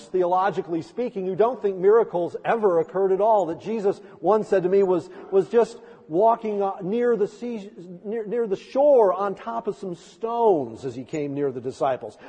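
High husky-voiced preaching man. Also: darkish tone. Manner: earnest preaching with storytelling asides. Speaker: pastor. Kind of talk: sermon. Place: church sanctuary. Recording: long church reverb.

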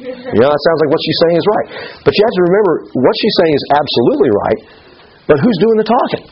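A man's voice: on the high side, very animated, quick pace, husky. A middle-aged man teaching a Bible study lesson in a conversational way, often checking in with his listeners, in a slightly muffled recording.

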